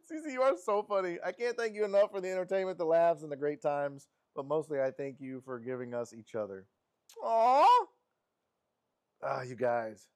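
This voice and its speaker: A man hosting a sports live stream, reading viewer messages aloud in an animated, affectionate way. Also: a little fast, few pauses. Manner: animated and affectionate, with frequent laughs and pitch jumps.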